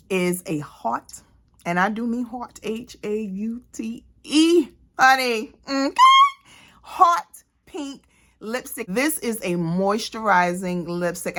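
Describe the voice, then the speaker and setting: A woman talking casually to camera as a beauty vlogger, animated and playful, sometimes preaching, addressing viewers directly. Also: medium pitch. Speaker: beauty vlogger and cosmetics consultant. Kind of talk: casual vlog chat.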